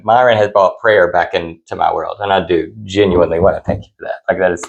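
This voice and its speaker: Earnest man with a low voice. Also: fairly even intonation, quick pace, gravelly, highs cut off. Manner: earnest, heartfelt, talks in long reflective runs. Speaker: podcast co-host. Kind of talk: casual chat.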